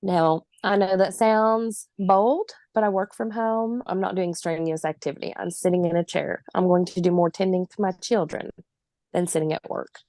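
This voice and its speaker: Gravelly woman telling her own story. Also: on the low side, fairly even intonation, normal speed, warm tone, no echo. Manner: vivid, emphatic storytelling with laughs. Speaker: guest.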